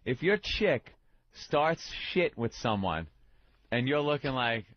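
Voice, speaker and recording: A man's voice: mid-range voice, big pitch swings, slow pace, dry recording, muffled recording. A man chatting casually as a radio co-host, conversational and easygoing.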